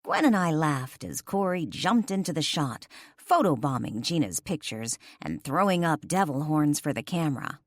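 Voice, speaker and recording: Woman, lower voice with lively melody, first-person romance audiobook, dry studio. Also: moderate pace, dry recording. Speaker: audiobook narrator.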